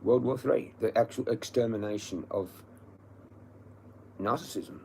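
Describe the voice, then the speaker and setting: A man's voice: lowish voice, unhurried, vocal fry, dark tone, a little hiss or hum. A man ranting angrily and profanely on a livestream, repeating himself. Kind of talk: angry livestream rant.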